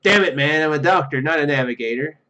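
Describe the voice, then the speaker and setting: A cranky skeleton ship doctor from a comedy adventure game snaps back in exasperation, voiced by a man. His voice is a bit high. The recording is dull and lo-fi. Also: fast, bright, forceful tone. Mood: exasperated. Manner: exasperated, snapping catchphrases.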